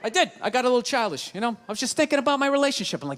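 Ranting man with a very high, bright voice. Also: sing-song, very fast, hardly any pauses. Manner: profane, ranting, mocking. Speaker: stand-up comedian. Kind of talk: stand-up comedy set. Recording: stage mic in a reverberant hall with a live audience.

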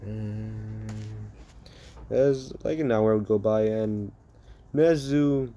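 Man improvising a spoken fan story, unhurried, mellow and dark in tone, profane. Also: fairly low pitch, highs cut off. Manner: rambling, self-correcting, profane.

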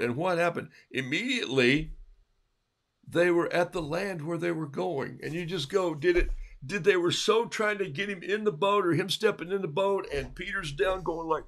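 A man telling a Bible story casually, in an animated way, acting out the quotes in different voices. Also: mid-range voice, moderate pace, vocal fry.

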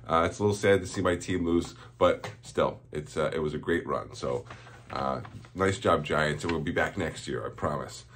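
A man's voice: a bass voice, normal speed, a bit bright, husky. A man, a school principal, giving cheerful morning announcements to students and chuckling at their jokes.

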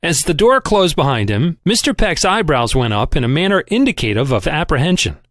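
A man narrating a novel in an expressive audiobook reading. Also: fairly high pitch, brisk, no room sound, studio quality. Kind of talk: scripted narration.

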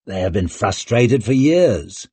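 Calculating smooth-talking noble plotter, man voicing him, slow and dry. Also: on the low side, big pitch swings, warm tone, dry recording, heavily acted. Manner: persuasive, calculating. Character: smooth scheming male nobleman.

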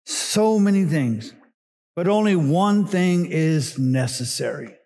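A middle-aged man, a pastor, preaching a sermon in a relaxed teaching way with frequent "uh"s and side remarks. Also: fairly high pitch, takes it slowly. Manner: conversational teaching with asides and filler "uh"s.

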